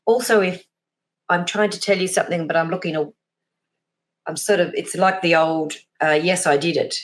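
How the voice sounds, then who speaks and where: A woman talks as a guest in a relaxed interview. Her voice sits a little low. She rambles a bit and laughs at herself, acting out small examples as she goes. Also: moderate pace. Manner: chatty, self-deprecating, acts out little examples. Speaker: guest, behavioural profiler. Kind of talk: casual interview chat.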